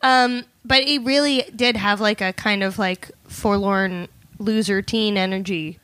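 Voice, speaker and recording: A woman's voice: medium pitch, fairly even intonation, unhurried, a bit bright, no room sound. A woman guest on a comedy podcast, explaining history in a casual chat and laughing often at her own asides.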